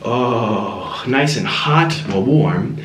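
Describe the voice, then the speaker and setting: A man's voice: mid-range voice, animated, drawn-out words, roomy sound, heavy background noise. A man casually talking through a recipe as a home cooking vlogger, chatty and given to dramatic exclamations. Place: home kitchen.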